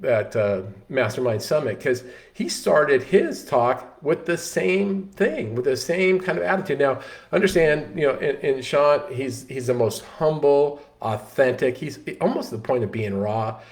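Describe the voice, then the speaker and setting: A man's voice: medium pitch, a little slow. Man telling a story. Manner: animated storyteller, frequent restarts and "you know" fillers. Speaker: host. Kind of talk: casual storytelling talk.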